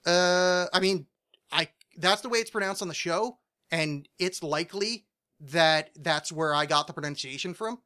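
A young man chatting on a podcast, his voice a little high and very bright. He rambles, jokes and restarts his sentences often while talking about a TV show. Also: moderate pace. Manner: rambling, joking, many restarts. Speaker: podcast co-host. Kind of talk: casual chat about a TV show.

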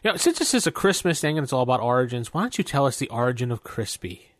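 A man's voice: mid-range voice, very animated, fast, dry recording. A man co-hosting a casual podcast, teasing his friends and laughing often, on a close mic. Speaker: podcast co-host.

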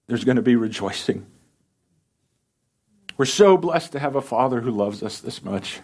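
A male pastor delivers a sermon in an earnest, pleading manner. His voice sits at an average pitch for a man, and he speaks with urgency as he calls listeners to respond and then leads them in prayer. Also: animated, normal speed, long pauses, darkish tone.

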